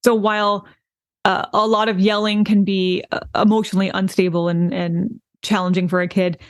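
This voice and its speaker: A woman co-hosts a casual book discussion podcast, her voice close and dry with no room sound. She speaks at a middle pitch for a woman, affirms her partner often, and reflects thoughtfully on the ideas. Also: little pitch movement, moderate pace, no echo. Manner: affirming, frequent "mm-hmm", reflective. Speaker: podcast co-host.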